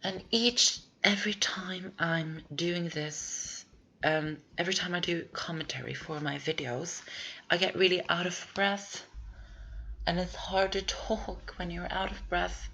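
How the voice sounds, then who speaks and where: A woman's voice: fairly low pitch, steady tone, a little slow, sharp tone. A woman giving casual, rambling commentary over a video game walkthrough, thinking aloud as she plays.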